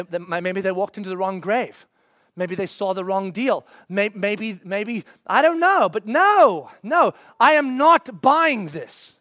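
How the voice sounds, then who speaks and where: A man preaching a sermon, acting out scenes in voices and swinging from loud bursts to hushed, slow passages. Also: very high voice, no room sound, clean studio sound.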